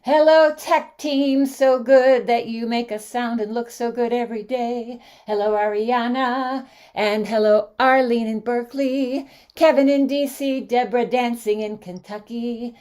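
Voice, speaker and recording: Cheerful high-voiced woman host. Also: measured pace, clear, resonant tone. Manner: cheerful, animated greeter listing names. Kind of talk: warm online greetings, casual chat.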